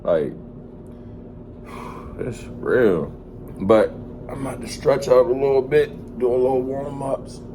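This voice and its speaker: A man telling a story on his vlog in a loose, slangy, animated way, cursing freely. His voice sits at an ordinary middle pitch. A faint hum runs behind him. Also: measured pace. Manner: animated, slangy and profane, acts out quoted voices. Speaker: vlogger. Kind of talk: casual storytelling.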